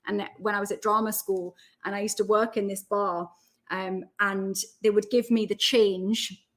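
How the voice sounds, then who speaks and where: A woman's voice: mid-range voice, level tone, moderate pace. A woman in her thirties with a Geordie accent, chatting as a podcast guest in a rambling, chatty way with lots of asides. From Newcastle, England. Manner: chatty, rambling, filler-heavy with many asides. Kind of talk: casual podcast chat.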